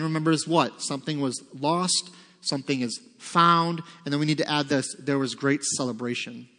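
A man's voice: fairly high pitch, fairly bright tone. A man preaching a conversational sermon, reading scripture aloud and acting out voices. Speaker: pastor. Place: church sanctuary. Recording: long reverb of a large hall.

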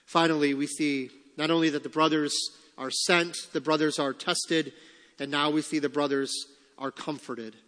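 A man's voice: on the high side, normal speed. Man preaching in a reverberant hall. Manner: expressive preaching, reads scripture aloud and acts out quotes. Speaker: pastor. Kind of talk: sermon.

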